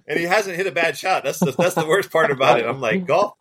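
A man, a golf caddie and podcast guest, telling stories in a relaxed, chatty way and acting out the voices of people in his stories. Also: a little high, quick pace, breathy edge. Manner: animated, laughs often, acts out quoted voices. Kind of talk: casual storytelling.

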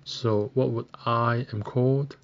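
A man from Britain teaching a beginner language lesson, saying each word slowly and pausing long for the listener to repeat. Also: medium pitch, steady tone, vocal fry, highs cut off. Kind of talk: slow, deliberate language lesson.

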